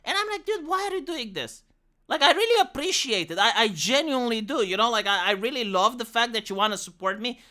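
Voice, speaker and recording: A woman's voice: fairly high pitch, animated, fast talker, hardly any pauses, pushed and bright. A young woman streamer giving blunt, sweary casual commentary with lots of restarts, from Romania.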